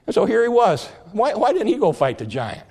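Gravelly older preacher telling a story. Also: male voice, high voice, a little fast. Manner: lively, jokey storytelling with laughs. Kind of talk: sermon storytelling.

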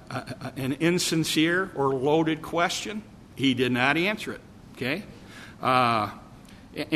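A man's voice: medium pitch, bright, forceful tone, big-room sound, a little hiss or hum. A man preaching a sermon, earnest and repetitive, reading scripture aloud and explaining it verse by verse. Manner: earnest, repeats words, reads scripture aloud.

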